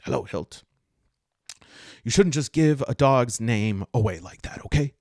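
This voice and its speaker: A man's voice: medium pitch, expressive, a little mellow, dry recording, clean studio sound. A man voicing a prim, touchy young woman elf who lectures and guards her privacy. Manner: fussy, lecturing, quick to take offense.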